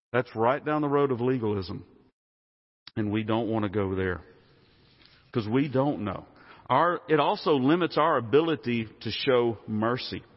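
A man preaching a sermon in a conversational way, often asking the congregation questions. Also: a little high. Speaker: pastor. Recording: muffled sound with long hall reverb.

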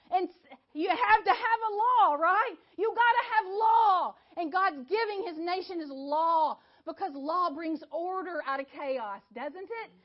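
A woman teaching a sermon, telling the story with animated rhetorical questions. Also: very high-pitched, dull audio. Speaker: Bible teacher.

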